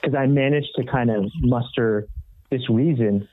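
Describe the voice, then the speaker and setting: A man, a rock guitarist and podcast guest, telling a story in a casual, animated way and acting out the other people's voices. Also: mid-range voice, unhurried, no echo. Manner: animated, acts out quoted voices. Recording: tinny phone-like dry audio.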